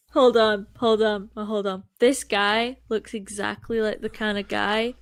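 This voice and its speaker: A woman's voice: a little high, animated, takes it slowly, no room sound, clean studio sound. A woman, co-hosting a stream with blunt, sarcastic remarks. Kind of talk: casual chat.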